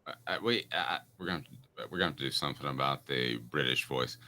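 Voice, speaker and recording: A man's voice: very deep voice, quick pace, sharp tone. A man hosting a casual sports talk show, rambling and joking, often restarting his sentences. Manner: rambling, joking, self-interrupting.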